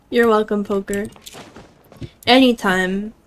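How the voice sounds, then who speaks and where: A woman's voice: medium pitch, a little mellow. A woman streaming a game, chatting casually and jokingly with her viewers, often laughing. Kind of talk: casual gameplay chat with chat.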